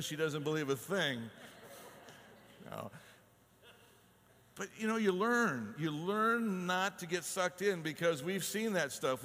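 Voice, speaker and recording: Pastor preaching in a hall. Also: male voice, a little high. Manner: conversational, animated storytelling with acted-out voices. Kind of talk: sermon.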